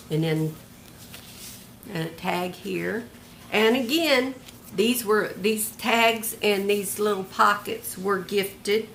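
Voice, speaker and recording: Older woman, craft vlogger, slow unhurried pace, homey chatty show-and-tell, faint room hum. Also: fairly low pitch, a bit bright. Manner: homey, chatty, describing things one by one. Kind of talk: casual show-and-tell of a handmade journal.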